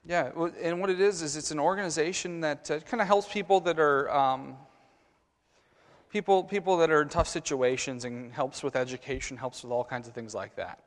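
A man leading a children's message in a church sanctuary, coaxing the kids through a little skit and then a short prayer. His fairly high voice carries a long church reverb. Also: moderate pace. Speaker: children's sermon leader.

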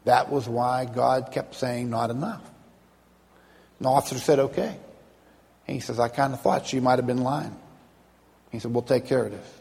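A man's voice: medium pitch, steady tone, moderate pace, creaky, long pauses, a little mellow. A man preaching a sermon as a pastor, telling stories and acting out the voices of the people in them. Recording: long hall reverb.

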